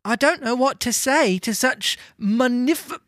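A man voicing a kindly old gentleman, breathless and astonished, stretching his words. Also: extremely high pitch, slow, no room sound, clean studio sound, voice pushed up, full character voice.

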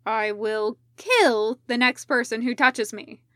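A woman's voice: high-pitched, expressive, slow, a bit bright, dry recording, studio quality, heavily acted. A woman reading an irritable, exhausted male ninja patient who grumbles sarcastically. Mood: grumpy.

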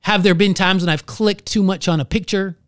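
A man who is a pastor, telling his own story in an earnest, halting way and searching for his words. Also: sits high, steady tone, a bit bright, clear, resonant tone, dry recording, studio quality. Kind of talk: candid personal testimony in conversation.

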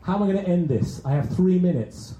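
A man's voice: high voice, animated, fairly quick, mellow, roomy sound, rough recording. A man doing a rambling, self-deprecating, crude stand-up set, bantering with a small audience. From England. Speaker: stand-up comedian. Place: small comedy venue with few people.

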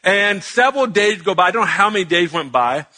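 Male preacher, storytelling sermon, jokey and animated, bright high voice. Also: a little fast. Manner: animated, chatty, joking with the congregation. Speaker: pastor.

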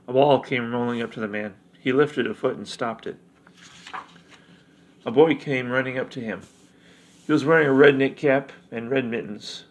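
A man narrating a fantasy story in a measured way, with small slips. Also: mid-range voice, rough recording.

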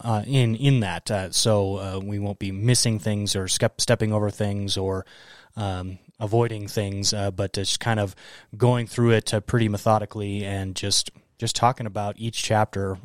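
Halting deep-voiced man co-hosting a podcast. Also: no echo, studio quality. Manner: halting, many filler sounds. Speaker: podcast co-host. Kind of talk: casual podcast chat.

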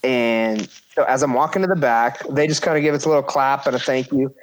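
A man's voice: medium pitch, fairly quick. A man in his thirties casually telling a story about his wrestling career, acting out quoted voices and swearing freely.

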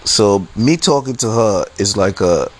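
Male podcaster, lowish voice, swears freely, repeats himself, faint hiss behind. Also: expressive, a little slow, low-quality recording. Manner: heated, profane, repeats himself a lot. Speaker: podcast host. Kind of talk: casual storytelling rant.

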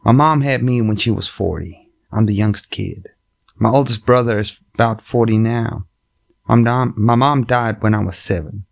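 Gravelly low-voiced man reading stories. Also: moderate pace. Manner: rambling, profane, self-interrupting. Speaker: comedian and podcast host. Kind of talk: casual chat and reading online stories aloud. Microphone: microphone.

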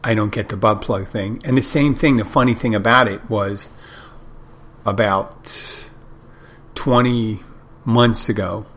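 A man's voice: fairly low pitch, a little slow, fairly bright tone. A middle-aged man hosting a podcast, telling wry, rambling anecdotes in a casual monologue. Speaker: podcast host.

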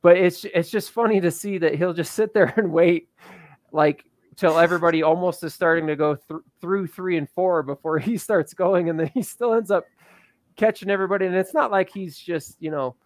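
A man's voice: high-pitched, moderate pace, dry recording. A man co-hosting a local racing show, recapping results in loose, chatty talk and laughing often. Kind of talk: casual chat.

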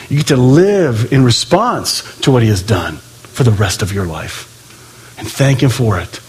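A man preaching a sermon in an animated way, acting out quoted voices and swinging between loud and hushed delivery. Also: mid-range voice, moderate pace, husky. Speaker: pastor.

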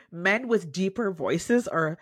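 A woman's voice: mid-range voice, expressive, takes it slowly, slightly rough, no echo, clean studio sound. A woman co-hosting a podcast in casual chat, laughing often and swearing casually. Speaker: podcast co-host.

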